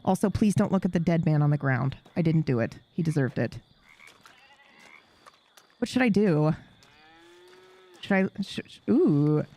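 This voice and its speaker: A woman's voice: sits low, lively intonation, unhurried, pauses often, mellow. A woman streamer chatting casually with her live audience while playing a game, swearing freely and laughing often.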